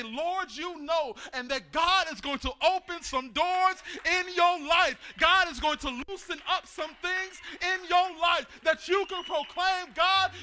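A man preaching a sermon in church, swinging between shouted exhortation and hushed, slow scripture reading. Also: very high-pitched.

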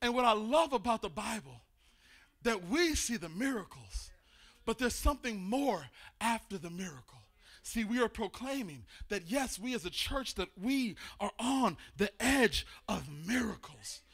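A male preacher delivers a sermon in church with a strikingly high, bright, sharp voice. He builds to shouted exhortation, then drops to a hushed reading of scripture. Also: big pitch swings, measured pace.

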